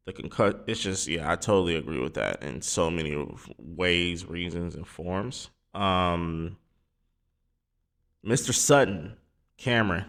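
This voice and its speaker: Male sports podcast host, deep voice, loose and rambling, lots of ums. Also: a bit bright. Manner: rambling, filler-heavy, informal. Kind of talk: casual solo sports talk.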